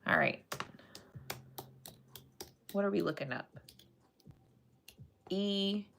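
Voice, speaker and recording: A woman's voice: mid-range voice, drawn-out words, gravelly, a bit bright, slight background noise. A young woman chatting playfully with her live-stream chat and reading animal facts aloud.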